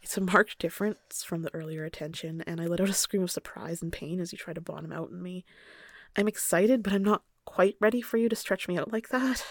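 A young woman narrating an intimate first-person story in a soft, hushed voice that often slips into a whisper, then chatting casually with many fillers. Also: on the low side, no echo, clean studio sound. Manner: chatty and halting with fillers when speaking off-script.

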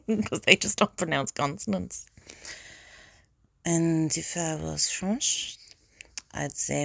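Playful, giggly young woman with vocal fry. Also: lowish voice, a little slow, no room sound, studio quality. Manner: playful, giggly, slips into mock accents. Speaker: vlogger. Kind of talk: casual solo vlog, trying out accents.

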